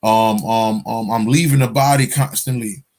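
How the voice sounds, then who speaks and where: A man's voice: mid-range voice, fairly even intonation, moderate pace, a little mellow. Profane rambling male storyteller. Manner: profane, rambling, keeps asking "you understand?". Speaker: spiritual vlogger. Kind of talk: casual storytelling monologue.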